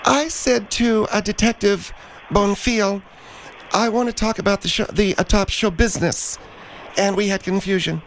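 A man's voice: sits high, steady tone, moderate pace, slight background noise. A man hosting a radio show, rambling and hesitant with many fillers.

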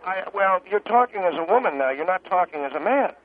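A man's voice: sits high, expressive, brisk, slight background noise. A man doing a sleazy little store owner. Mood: defensive. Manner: stammering, self-justifying. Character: short wealthy male grocery owner in a hairpiece, defensive and leering. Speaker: store owner on a call-in show. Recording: tinny phone line.

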